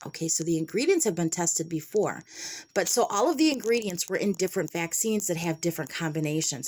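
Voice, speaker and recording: A woman's voice: lowish voice, lively intonation, fast talker, a little mellow. A middle-aged woman telling a personal story to a handheld camera, chatty and retelling conversations. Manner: chatty, retells conversations and drops into whispered asides. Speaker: vlogger.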